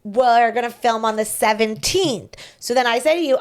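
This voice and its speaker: A woman's voice: a little high, normal speed. A woman podcast host in casual chat, telling a story with lots of back-and-forth and quoted messages.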